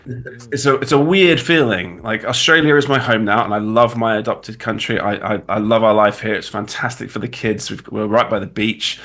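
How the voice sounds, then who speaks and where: Chatty British man, bright voice. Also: lowish voice, normal speed. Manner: chatty, rambling, many restarts. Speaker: guest designer. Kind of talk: casual livestream chat.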